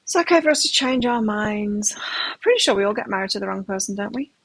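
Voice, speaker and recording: Chatty husky middle-aged woman tarot reader. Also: mid-range voice, expressive, fast talker, no room sound, low-quality recording. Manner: chatty, rambling, with frequent restarts. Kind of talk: live tarot reading and anecdote.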